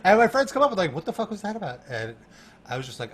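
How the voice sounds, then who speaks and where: A man guesting on a podcast, telling an animated story with laughter and lots of "like" fillers. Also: sits high, rapid-fire, noisy background. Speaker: guest, music journalist.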